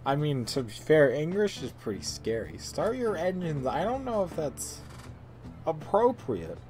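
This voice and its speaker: A man's voice: a little high, sing-song, unhurried, a little mellow, soft background music. Joking, rambling man playing a video game. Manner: joking, rambling, self-mocking. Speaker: let's play host. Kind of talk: casual gameplay commentary.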